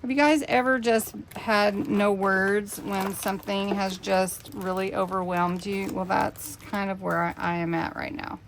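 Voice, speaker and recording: A woman in her fifties hosting a casual craft unboxing vlog, emotional and gushing, with halting pauses. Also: medium pitch, steady tone, background noise. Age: 50s. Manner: emotional, gushing, breathy exclamations. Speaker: craft channel host.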